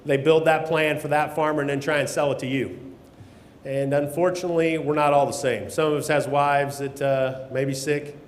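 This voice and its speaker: A man delivers a blunt, folksy conference talk with the odd curse word. His voice sits a little high for a man. The sound rings around a large hall with a long, roomy reverb. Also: fairly even intonation, normal speed. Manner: blunt, folksy, mild swearing. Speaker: keynote speaker on grain marketing.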